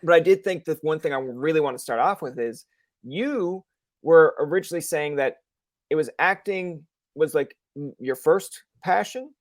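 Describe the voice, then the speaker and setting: A man from Newfoundland, Canada, hosting a casual interview over a video call, an animated storyteller who laughs often. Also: fairly high pitch, normal speed, no room sound. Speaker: podcast host.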